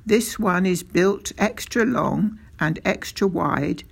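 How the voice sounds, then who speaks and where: A sly country father who runs a filling station, proud and confiding as he talks, with a slow, gravelly, husky voice, as a storyteller plays him. He takes his time over every word. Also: mid-range voice, lively intonation, full character voice.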